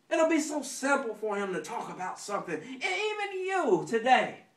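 High-voiced preacher in an echoey church. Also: male voice, a bit bright, distant mic. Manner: folksy storytelling, acts out anecdotes with sound effects; call and response. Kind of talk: sermon. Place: church sanctuary.

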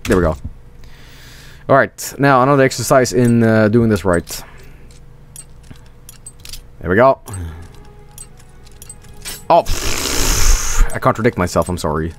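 Young male streamer, sarcastic and rambling, unhurried with vocal fry. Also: lowish voice, animated. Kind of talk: casual game commentary. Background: game audio and music.

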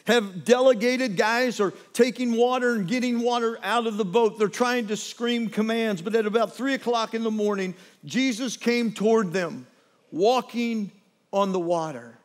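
A pastor preaches a sermon, retelling scripture through animated, dramatic storytelling that swings between hushed and loud. His voice sits high at a moderate pace, with a long reverb tail.

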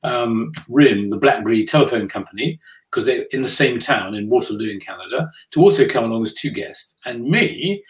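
An older man from the United Kingdom recounts business lessons in an unhurried interview. He tells his stories with dry, self-deprecating humor and often restarts his sentences mid-thought. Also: medium pitch, poor audio. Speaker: business leader guest. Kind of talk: conversational interview storytelling.

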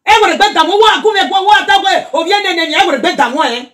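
A middle-aged Nigerian woman chatting casually in a reaction vlog, animated and scolding by turns. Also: very high voice, fast. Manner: animated, mixes pidgin and Yoruba, scolding asides. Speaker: social media commentator.

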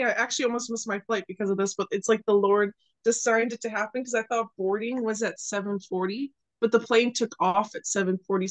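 A young woman sharing a personal faith testimony in casual, animated storytelling, laughing often and acting out the people she met. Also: mid-range voice.

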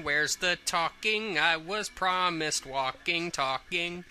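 A woman hosting a let's play, making excitable, jokey, slangy gameplay commentary. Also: lowish voice, slow pace, hardly any pauses.

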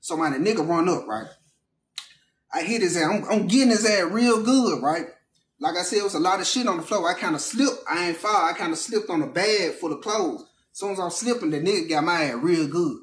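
A man casually telling a true story, animated and profane, acting out the people in it. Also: sits high, a little fast, echoey room.

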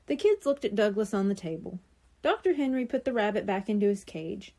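Library storyteller, female, mellow tone, lively and expressive read-aloud. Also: medium pitch, fairly quick. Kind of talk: reading a children's book aloud.

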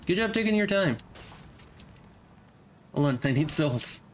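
A man's voice: a little high, animated, unhurried, a little hiss or hum. A young man streaming a video game, casually commenting and playfully talking to the enemies on screen. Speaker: let's play streamer.

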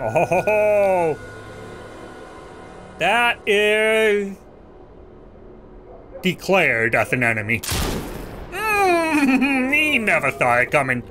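A man giving casual, excitable commentary while playing a game, gasping, yelping and talking to the enemies on screen. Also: a little high, noisy background. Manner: excitable, gasps and yelps, talks to game enemies. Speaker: let's play gamer.

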